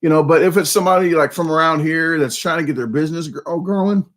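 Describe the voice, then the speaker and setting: Rambling, slightly hoarse Southern US man. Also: fairly high pitch, fast. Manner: rambling, many restarts and fillers. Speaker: live stream host. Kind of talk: casual live chat.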